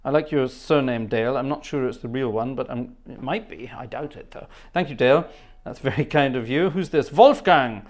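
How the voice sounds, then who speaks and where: A man's voice: medium pitch, a little fast. A man hosting a casual livestream, chatty and rambling, laughing often and thanking viewers by name. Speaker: livestream host and organist. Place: home studio.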